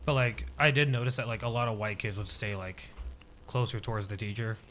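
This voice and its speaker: Young male podcast guest, low voice, halting casual storyteller. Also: steady tone, fairly bright tone, a little hiss or hum. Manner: hesitant storytelling, heavy use of "like" fillers.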